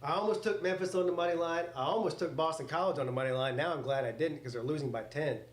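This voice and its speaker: This live reaction host talks fast as he follows a football game, excitedly rambling about each play and swearing offhandedly. His voice sits a little high, and his home recording sounds roomy and full of echo.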